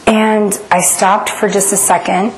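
A woman's voice: mid-range voice, steady tone, a little fast, darkish tone, a little hiss or hum, rough recording. A middle-aged woman from the United States, giving a personal testimony in an earnest, dramatic storytelling manner. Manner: earnest, dramatic retelling that acts out inner voices.

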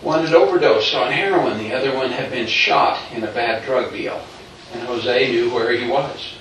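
A man's voice: mid-range voice, moderate pace. Man telling a story in an echoey hall. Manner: animated storytelling, acting out quotes with chuckles. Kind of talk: preached storytelling. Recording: very echoey hall, distant mic, faint noise.

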